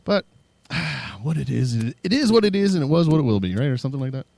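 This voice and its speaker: A man's voice: medium pitch, very animated, fast, gravelly, dark tone, no room sound. A tired man co-hosting a casual podcast, goofy and swearing freely, slipping into mock DJ voices. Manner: goofy, jumps into mock radio-DJ and metalhead voices; swears freely, laughs a lot. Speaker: podcast co-host. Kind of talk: casual banter.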